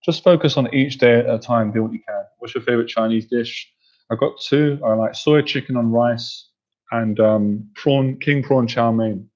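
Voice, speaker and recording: A man's voice: medium pitch, steady tone, normal speed, a little mellow, dull audio. A man hosting a casual livestream, reading viewer comments and cracking up with laughter, sounding tired. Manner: giggly, keeps cracking up laughing. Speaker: livestream host and coach.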